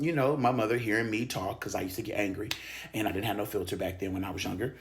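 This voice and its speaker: Man, 30s, from LA. Gravelly, low-set voice, emphatic confessional talk with whispered asides. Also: fast. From South Central Los Angeles. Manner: emphatic, dips into whispers, laughs often. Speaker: spiritual channel host. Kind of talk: candid personal monologue.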